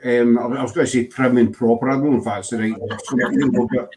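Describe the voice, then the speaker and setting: A Glaswegian man hosting a relaxed chat, a middle-pitched voice. He rambles and often restarts his sentences. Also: fast, slight background noise. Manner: rambling, full of fillers and restarts. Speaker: host. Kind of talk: casual chat.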